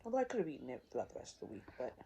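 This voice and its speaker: A woman chatting casually to the camera while eating, pausing between bites and asking viewers questions. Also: a bass voice, wildly swooping pitch, creaky, dark tone, slight background noise. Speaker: vlogger. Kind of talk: casual mukbang chat.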